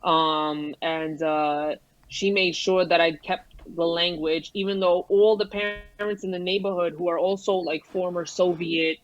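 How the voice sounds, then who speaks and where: A woman's voice: fairly low pitch, fairly even intonation, unhurried, no room sound, highs cut off, soft background music. A young woman, chatting bluntly and casually as an interview guest, full of slang and laughter. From New York. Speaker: guest musician.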